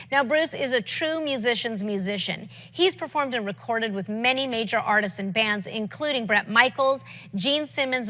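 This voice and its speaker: A woman's voice: on the high side, pushed and bright, long reverb tail. A woman presenter reading a scripted introduction with upbeat announcer delivery.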